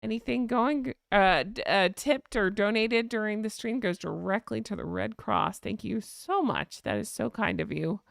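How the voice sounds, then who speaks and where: Fast-chattering woman livestream host. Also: medium pitch, creaky, no echo, studio quality. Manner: rapid, excitable chatter. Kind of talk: casual live chat. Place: home.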